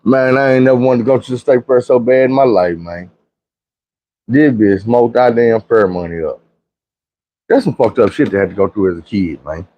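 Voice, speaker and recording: A man's voice: medium pitch, normal speed, highs cut off. A man from Arkansas telling a casual, profane childhood story, acting out the other people's voices as he goes. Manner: animated, acts out quoted voices, profane slang.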